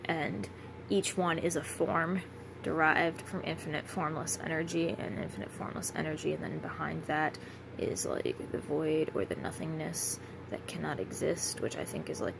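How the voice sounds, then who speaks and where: A tired woman talks through a late-night philosophy ramble in a gravelly voice full of vocal fry. She drifts, trails off and swears freely as her thoughts wander. A faint hiss sits under her voice. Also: low-pitched, moderate pace. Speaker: vlogger.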